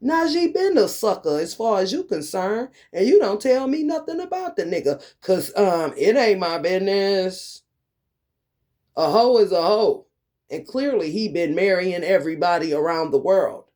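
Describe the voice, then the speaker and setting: A man's voice: high voice, animated, normal speed, a little mellow. A man vlogging a profane, confrontational rant, swaggering and taunting his targets.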